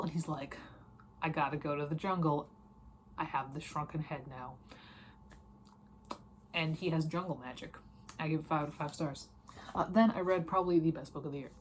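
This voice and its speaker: A woman's voice: sits low, a little hiss or hum. A young woman with a Midwestern accent, chatting casually and rambling through a weekly book wrap-up with lots of fillers. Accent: Midwestern American. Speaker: book reviewer.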